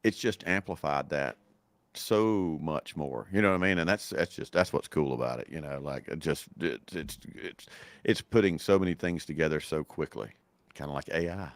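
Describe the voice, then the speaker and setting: Deep-voiced man in enthusiastic chat. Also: normal speed, no room sound. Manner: enthusiastic, repeats words, many likes and you knows. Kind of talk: casual podcast chat.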